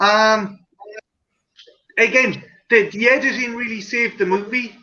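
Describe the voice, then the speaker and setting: A man's voice: sits high, steady tone, a little slow, sharp tone, lo-fi sound. A man hosting a livestream in casual chat, rambling, swearing and laughing. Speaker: stream host.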